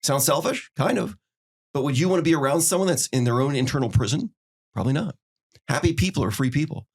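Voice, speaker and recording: Fast-talking earnest man podcast host. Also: a little high, animated, husky. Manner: earnest, acts out little dialogues. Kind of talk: casual advice chat.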